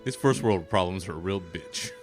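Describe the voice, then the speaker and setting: A man's voice: sits low, normal speed, soft background music. A man hosting a podcast, joking and teasing his co-host in casual banter. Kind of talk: casual chat.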